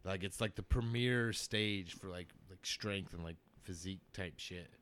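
A man's voice: deep voice, moderate pace, a bit bright. A man co-hosting a podcast, chatting casually and rambling with many fillers. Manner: rambling, lots of "like" fillers, laughing often. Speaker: podcast co-host. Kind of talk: casual joking chat.

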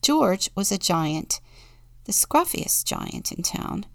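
A woman deacon reading a children's Bible story and a picture book aloud, in a gentle storytelling manner with soft whispered moments. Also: mid-range voice, sing-song, slow pace, gravelly, no room sound, clean studio sound.

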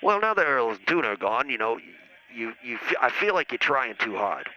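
Calling in to a comedy show, a man speaks fairly quickly in a mid-range, sing-song voice that sounds pushed and bright. His rambling, needling banter is dotted with hesitant uhs, and the muffled line carries faint noise.

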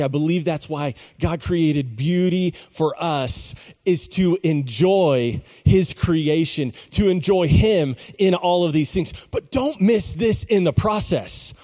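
A man delivers a sermon, stretching key words and pausing for weight. His voice sits high for a man yet sounds soft and mellow, with a long reverb trailing behind it. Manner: slow, emphatic preaching with dramatic pauses. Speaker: pastor.

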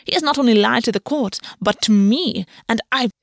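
A woman voicing a cold, sharp-tongued fae queen in an audiobook reading. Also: a little high, moderate pace, creaky, no room sound, clean studio sound, voice pushed up. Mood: scornful. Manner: cold, cutting.

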